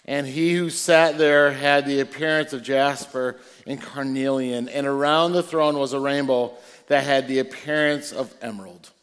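A male preacher reading scripture aloud in church, slow and deliberate, with excited asides to the congregation. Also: medium pitch. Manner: reads slowly and deliberately, breaking in with excited asides. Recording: long reverb of a large hall.

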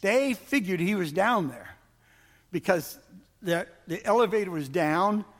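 A man telling a story to a live audience in a lively, animated way, acting out the lines he quotes. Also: sits high, measured pace. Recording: long hall reverb.

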